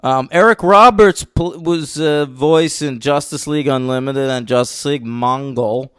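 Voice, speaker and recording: Excitable man with a clear, dry voice. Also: medium pitch, measured pace, no room sound. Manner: excitable, swears, teases his co-host. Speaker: podcast co-host. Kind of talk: casual film review chat.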